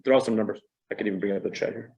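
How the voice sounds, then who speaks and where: A man's voice: on the low side, fairly even intonation, rapid-fire, vocal fry, darkish tone, low-quality recording. A middle-aged man giving a casual training talk to real estate agents. He speaks conversationally and animatedly, with a self-deprecating manner.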